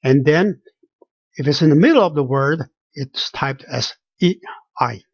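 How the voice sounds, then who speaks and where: Slow pronunciation teacher, repeats sounds patiently, dull lo-fi dry recording. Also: mid-range voice, animated, no room sound. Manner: repeats each sound slowly, many restarts. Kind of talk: pronunciation lesson with spoken examples.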